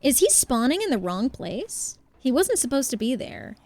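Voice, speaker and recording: A young woman streaming a game who chats nonstop with her viewers, greeting and thanking them by name while she muses over her next move. Her voice sits a little high, and the recording is dry and close with no room around it. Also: sing-song, moderate pace, darkish tone, no echo. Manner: chatty, thanks viewers by name, thinks aloud. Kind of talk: casual live-stream chat while gaming.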